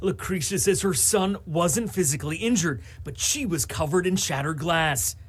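A man reading a local TV news report in a measured, formal delivery. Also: on the high side, lively intonation, noisy background.

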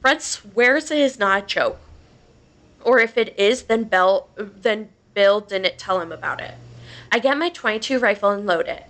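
A woman's voice: mid-range voice, fairly bright tone. A woman podcast host casually reading a horror story aloud, swearing freely and laughing between lines.

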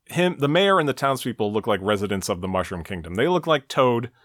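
A man's voice: mid-range voice, big pitch swings, fairly quick, a bit bright, no room sound. A man hosting a podcast, recapping a cartoon episode in a dry, wry tone. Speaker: podcast host. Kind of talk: casual recap commentary.

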